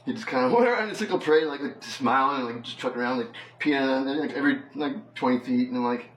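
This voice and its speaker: A man's voice: medium pitch, fast talker, recorded from a distance, a little hiss or hum. Rambling laid-back man in an echoey room. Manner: loose and rambling, with many fillers and laughs. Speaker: vlogger. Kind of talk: rambling casual monologue. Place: house with the door open.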